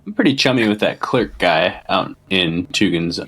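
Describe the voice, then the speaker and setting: A man's voice: deep voice, lively intonation, normal speed, a bit bright, breathy edge. A man playing in a tabletop game, chatting in an easygoing, joking way. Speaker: player. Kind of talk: casual tabletop game chat.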